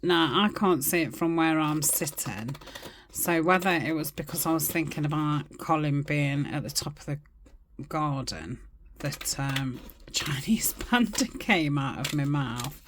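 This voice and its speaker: Low, slow-talking woman crafting. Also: a little hiss or hum. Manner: rambling, chatty, murmurs asides to herself. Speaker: craft channel host. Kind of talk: casual crafting chat. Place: home crafting desk.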